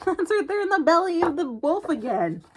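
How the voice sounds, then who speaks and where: A woman librarian reading a picture book aloud to young children in a virtual storytime. Her voice is high and very animated, and she stops often to ask the children questions. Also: normal speed.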